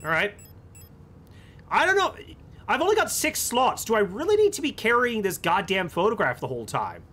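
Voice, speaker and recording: A man giving let's-play commentary in a husky voice, rambling and joking with plenty of swearing. His pitch leaps about widely while he plays, and he speaks into a close desk mic. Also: huge pitch swings, a little fast, fairly bright tone. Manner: playful, rambling, swears freely. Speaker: gaming video host.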